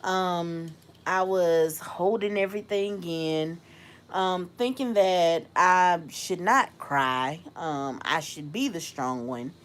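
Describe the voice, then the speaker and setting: A young woman hosts a casual livestream, speaking at a slow, unhurried pace. She turns reflective between bursts of laughter and thanks her viewers by name. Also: lowish voice. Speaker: host.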